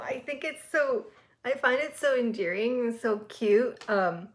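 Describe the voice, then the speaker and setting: A woman's voice: on the high side, lively intonation, measured pace. A young woman hosting a casual reaction vlog from her room, chatty and gushing, with lots of fillers and giggles. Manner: frequent giggles while talking. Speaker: reaction video host.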